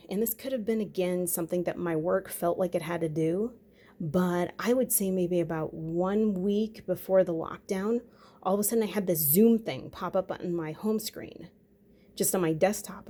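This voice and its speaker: A woman's voice: on the low side, moderate pace, mellow. A middle-aged woman talking on her own channel in a rambling, conversational monologue full of fillers. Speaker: vlogger. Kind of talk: casual monologue.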